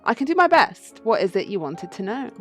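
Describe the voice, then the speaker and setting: A woman's voice: a little high, sing-song, a little fast, soft background music. A woman voicing a pampered young noble cat lady, prim and genteel, reading for a video game.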